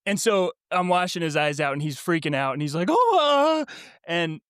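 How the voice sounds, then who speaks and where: A man's voice: fairly high pitch, steady tone, fairly quick, a bit bright, clear, resonant tone, no echo, clean studio sound. A man co-hosting a book podcast, telling a family story in casual chat with frequent laughs. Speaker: podcast co-host.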